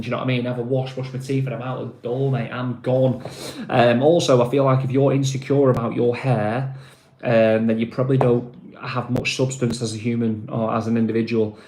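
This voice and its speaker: A man's voice: mid-range voice, darkish tone, reverberant. A man from Manchester with a Mancunian accent, hosting a casual live stream, rambling with lots of fillers and calling viewers mate. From Manchester, England.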